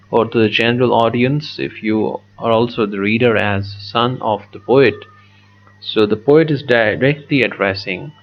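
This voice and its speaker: A man teaching a poetry lesson, slow and methodical, repeating words as he writes on the screen. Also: mid-range voice, highs cut off, slight background noise. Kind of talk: poetry lesson with a digital pen.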